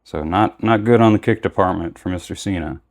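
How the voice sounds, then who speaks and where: Deep-voiced young man reviewing toys. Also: brisk. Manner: rambling, self-correcting. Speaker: action figure reviewer. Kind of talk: casual unboxing commentary.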